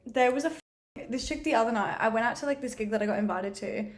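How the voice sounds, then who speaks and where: A quick, high-voiced woman, spinning a story in casual chat. She swears freely and acts out what people said as she goes. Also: background noise. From Australia. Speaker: guest.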